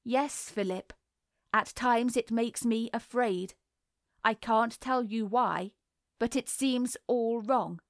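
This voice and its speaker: A woman reading the lines of an anxious, earnest mother who speaks gravely with a slight tremble. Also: fairly high pitch, takes it slowly, no echo, studio quality. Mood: worried.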